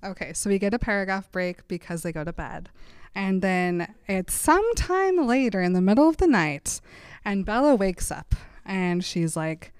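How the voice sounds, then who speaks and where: A woman co-hosting a podcast, retelling a book's story in a casual, animated way and slipping into playful quoted voices. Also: medium pitch, moderate pace, clean tone, dry recording, clean studio sound. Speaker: podcast co-host. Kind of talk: casual chat recapping a book.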